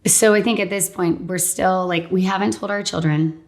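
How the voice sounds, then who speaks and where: A woman's voice: lowish voice, steady tone, moderate pace. A woman in her thirties candidly telling her personal faith testimony in a conversational way, full of "like.". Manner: candid, conversational storytelling with frequent "like". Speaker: guest sharing her testimony.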